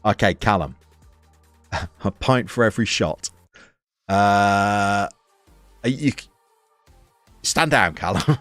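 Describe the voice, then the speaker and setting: A man's voice: on the low side, dry recording. Chatty man streaming a game. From England. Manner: chatty and playful, with sudden excited outbursts. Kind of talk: live stream commentary, chatting with viewers.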